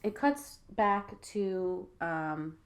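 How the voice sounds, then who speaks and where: A woman's voice: fairly low pitch, extremely slow. A woman co-hosting a podcast, recapping a movie plot in a chatty, giggly way. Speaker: podcast co-host. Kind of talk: casual movie review chat.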